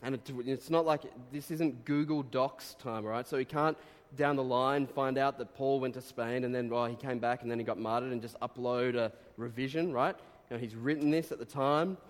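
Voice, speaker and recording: A man preaching a sermon, reading quotes aloud and breaking into animated exclamations. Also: medium pitch, normal speed, hardly any pauses. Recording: long reverb of a hall.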